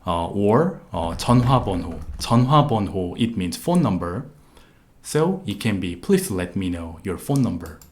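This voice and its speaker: A man with a Korean accent and a low voice teaches a language class online. He explains slowly and patiently, repeating each point and filling pauses with "uh". Keyboard typing clicks in the background. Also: sing-song, a little mellow. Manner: patient, repetitive explanations with frequent "uh" fillers. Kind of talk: live online language lesson.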